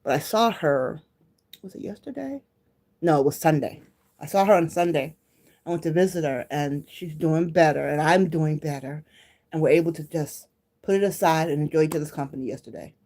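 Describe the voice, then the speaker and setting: Brief: woman vlogger from Detroit, low voice, warm and unhurried, reminiscing straight to camera. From Detroit, Michigan. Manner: reminiscing, talks straight to viewers. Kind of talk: casual chat to viewers.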